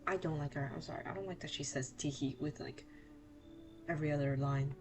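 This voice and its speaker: A woman's voice: low voice, fairly even intonation, brisk, over music. A young woman giving casual, chatty commentary while playing a horror game. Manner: chatty, self-deprecating. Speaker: gaming streamer.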